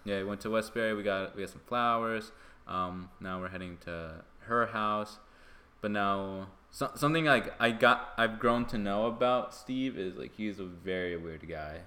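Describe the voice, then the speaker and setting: Rambling man with a bright voice. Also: on the low side, normal speed. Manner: rambling storyteller, heavy use of "like" and "you know". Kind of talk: casual podcast chat.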